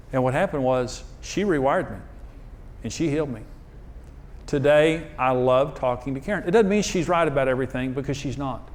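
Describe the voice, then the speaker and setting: A middle-aged man preaching a humorous marriage sermon, storytelling in a folksy way and acting out quoted voices. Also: mid-range voice. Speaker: marriage teacher and pastor. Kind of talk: humorous sermon to a live audience.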